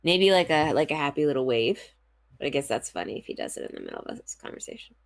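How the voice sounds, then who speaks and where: A woman's voice: sits low, huge pitch swings, quick pace, vocal fry. A woman casually chatting and joking while playing a video game, giggly and playful. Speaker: game streamer. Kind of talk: casual chat over gameplay.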